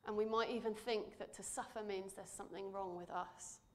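A woman preaching in church, reading scripture and speaking in a measured, earnest way that drops softly for emphasis. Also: medium pitch, fairly even intonation.

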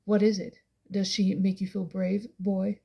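A woman voicing a cruel, mocking older man who taunts his son with contempt, in a gravelly, husky voice. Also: medium pitch, level tone, a little slow, mellow, dull audio.

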